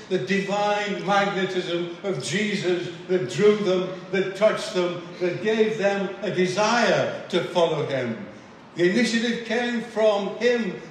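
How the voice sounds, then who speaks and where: A man preaching a sermon in an earnest, measured way, repeating key phrases for emphasis. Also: high voice, distant mic, a little hiss or hum. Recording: echoey room, voice from afar.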